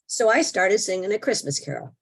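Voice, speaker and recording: An older woman, an interview guest, telling a personal story in an animated, expressive way and acting out her own thoughts. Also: medium pitch, a little fast, vocal fry, breathy edge.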